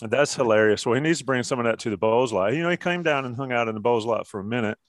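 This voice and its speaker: A man's voice: medium pitch, fast talker, no echo, studio quality. A man hosting a casual sports talk show, joking and steering the conversation. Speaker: podcast host.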